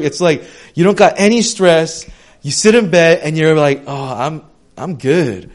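A young man preaching a sermon in a lively, conversational way, full of asides and casual slang. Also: on the high side. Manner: animated, conversational, with lots of asides. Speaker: pastor.

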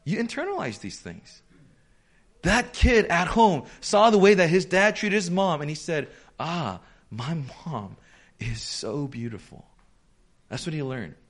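A man preaching a sermon in a conversational, animated way, acting out quoted voices as he goes. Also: high-pitched, normal speed. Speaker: pastor.

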